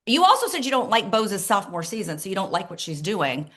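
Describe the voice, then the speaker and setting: A woman's voice: mid-range voice, very animated, fast, fairly bright tone. Reflective woman co-hosting a recap chat. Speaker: co-host. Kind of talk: casual reality-TV recap chat.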